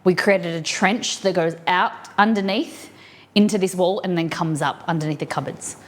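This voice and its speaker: A woman's voice: on the low side, moderate pace. A young Australian woman casually chatting with her stream chat as she cooks in her home kitchen, rambling from one thing to the next. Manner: chatty, rambling, talks to chat while cooking. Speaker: streamer cooking on a live stream. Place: home kitchen set up as a studio.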